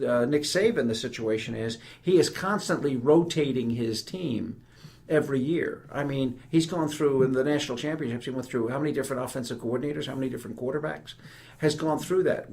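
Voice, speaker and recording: A man in his fifties from New York with a New York accent, a retired army general telling animated, emphatic stories as a podcast guest. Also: medium pitch, gravelly. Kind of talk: conversational podcast interview.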